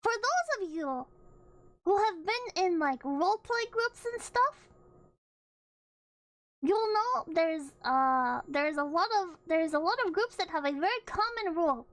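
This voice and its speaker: A woman's voice: very high voice, lively intonation, a little slow, a bit bright, no echo, low-quality recording. A young woman streamer chatting casually and playfully, rambling with restarts and freely swearing. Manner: playful, laughs often. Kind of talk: casual livestream chat.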